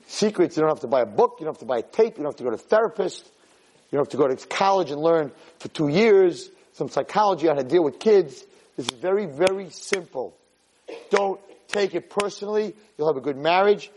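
A man delivers a Torah lecture with a very lively, swooping voice that sits a little high for a man. His tone is husky. He keeps jumping into shrill acted outbursts of angry parents. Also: low-quality recording. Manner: animated, acts out shouting parents in high pitch. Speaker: Torah teacher.

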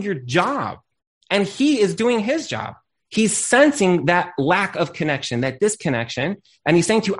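A fairly high-voiced man telling stories and handing out advice in a relaxed talk. He acts out the lines of the people he quotes and drops short Hebrew blessings into his speech. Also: normal speed. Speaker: rabbi and accountant, giving advice. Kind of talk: casual conversation, giving advice.

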